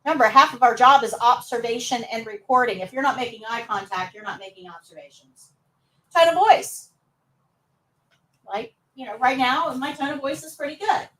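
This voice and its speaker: High-voiced lady teaching a live class, upbeat, sounds a bit far off. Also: normal speed, a bit bright. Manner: upbeat, coaxing students to answer. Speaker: nursing assistant instructor.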